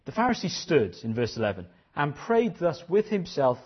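A man's voice: on the high side, big pitch swings, moderate pace, few pauses, slightly rough, highs cut off. A man preaching a sermon, earnest and questioning, often repeating his phrases.

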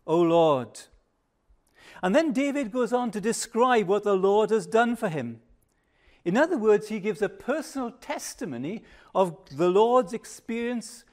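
Older man, sermon, high voice, unhurried delivery, emphatic then hushed. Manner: slow, measured preaching with emphatic rises and hushed pauses. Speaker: preacher.

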